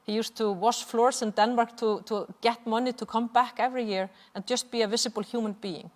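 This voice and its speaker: A woman with an Icelandic accent, an activist, gives an impassioned seminar presentation over slides in a large hall at a cultural venue, earnest and often hesitating. Her voice is a little high, steady and fairly quick, with the hall's long reverb.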